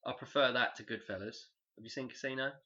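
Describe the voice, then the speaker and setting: A man's voice: mid-range voice, steady tone, quick pace, sharp tone. A man co-hosting a casual podcast chat, jokey and teasing, swearing freely. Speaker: podcast co-host. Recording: dull lo-fi recording.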